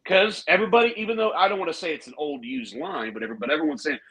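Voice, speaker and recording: A man co-hosting a wrestling podcast in casual chat, joking and incredulous in an animated way. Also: on the high side, racing, rough recording. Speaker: podcast co-host.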